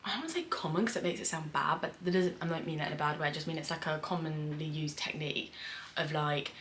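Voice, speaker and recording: Young british woman rambling on at home, lots of um and like, swears a bit, lowish voice. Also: quick pace, fairly bright tone, a little hiss or hum. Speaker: screenwriter reacting to a show. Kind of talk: casual reaction vlog chat. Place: home room with windows open on a hot day.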